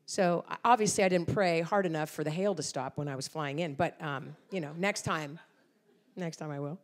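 A woman's voice: sits low, normal speed. A middle-aged woman preaching a sermon, telling stories with lots of acted-out quotes. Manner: animated storytelling with acted-out quotes. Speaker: guest speaker.

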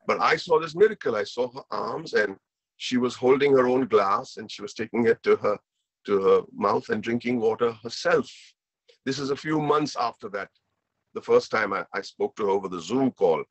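A man's voice: medium pitch, moderate pace, breathy edge, no echo. A man with an Indian English accent telling a personal story as a guest speaker, earnest and emotional, often repeating himself.

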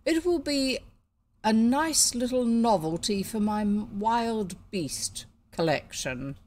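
A woman's voice: on the high side, lively intonation, a little mellow. A woman doing a haughty, careless Pharaoh. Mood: commanding. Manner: slow, commanding and drawn-out.

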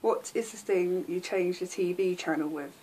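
A woman in her early twenties with an English accent talks casually to camera. Her voice sits a little low, and she fills her sentences with ums and little giggles. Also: normal speed, mellow, slight background noise. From England. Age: 20s. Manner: chatty, giggly, lots of ums. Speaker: vlogger.

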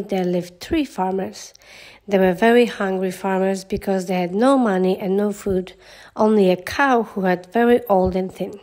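A woman reading a children's fairy tale aloud in a gentle storytelling manner. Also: medium pitch. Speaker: storybook narrator.

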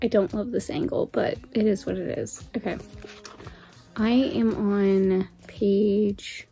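A woman's voice: medium pitch, fairly even intonation, slow pace, dark tone, soft background music. A woman talking casually to camera in a book vlog, candid and chatty, laughing often. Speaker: book vlogger.

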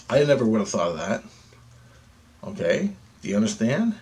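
A man's voice: on the low side, normal speed, pauses often, a little hiss or hum. A man leading a guided meditation who talks in a profane, insistent way and keeps asking "okay?". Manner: grows louder and more animated as he goes. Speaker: meditation teacher.

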